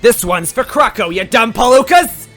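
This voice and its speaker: A man's voice: very high-pitched, animated, normal speed, a bit bright, faint music behind, voice pushed up, exaggerated voice. A man voicing a small, vengeful male bean-creature thief with a screechy voice. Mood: vengeful rage.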